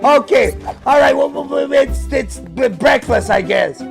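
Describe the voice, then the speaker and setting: A man hosting a reaction video, commenting excitedly and casually, often restarting his sentences. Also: very high-pitched, unhurried, gravelly, soft background music. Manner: excitable, lots of fillers and restarts.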